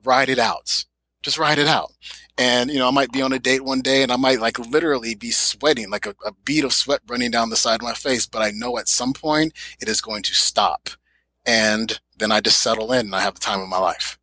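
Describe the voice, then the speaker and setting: A man's voice: mid-range voice, fairly even intonation, brisk, sharp tone, no room sound, low-quality recording. A man speaking as a podcast guest in a motivational interview, emphatic and repeating phrases for effect.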